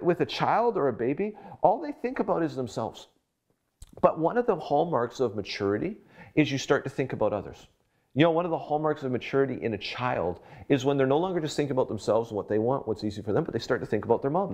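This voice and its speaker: A man's voice: medium pitch, darkish tone. A middle-aged man, a pastor, giving a conversational devotional sermon with personal stories and acted-out quotes. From Canada. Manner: conversational, storytelling, acts out quoted voices.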